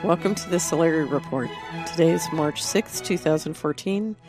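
A middle-aged woman hosting a talk show, delivering a measured, deliberate commentary monologue. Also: low voice, loud music behind the voice. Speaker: host.

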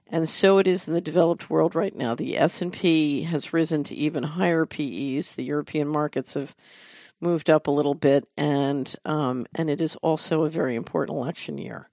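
Gravelly-voiced woman hosting a commentary show. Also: low-pitched, normal speed, a little mellow, dry recording, clean studio sound. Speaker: host. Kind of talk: scripted commentary monologue.

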